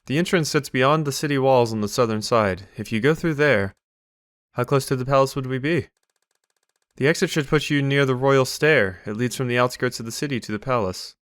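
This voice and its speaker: An earnest young prince, voiced by a man, speaking with urgency. The pitch sits in a middle range, and the sound is dry. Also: a little fast, fairly bright tone, dry recording, close to an everyday voice. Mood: explaining.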